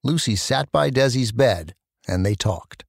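A man giving measured, scripted documentary narration. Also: mid-range voice, animated, creaky, no echo, clean studio sound.

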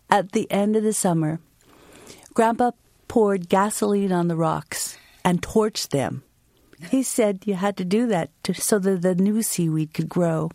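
A woman from the United States performing a personal story and then talking as an interview guest, vivid and expressive. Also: fairly low pitch, unhurried, no room sound, clean studio sound.

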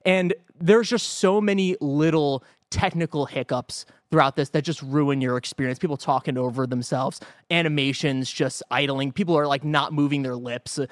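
A young man co-hosting a casual games talk show, animated and laughing, swearing often as he reviews a game. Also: a little high, normal speed, few pauses, dry recording, clean studio sound. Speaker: podcast co-host reviewing a game. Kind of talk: casual chat.

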